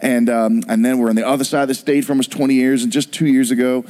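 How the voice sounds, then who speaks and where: A middle-aged man preaching a sermon, telling a personal story with animated storytelling and acted-out voices. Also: mid-range voice, fast talker. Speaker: pastor.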